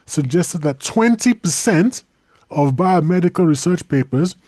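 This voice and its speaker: A man co-hosting a casual podcast discussion, chatty and animated, laughing often and restarting his sentences. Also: on the high side, unhurried, no room sound, clean studio sound. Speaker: co-host.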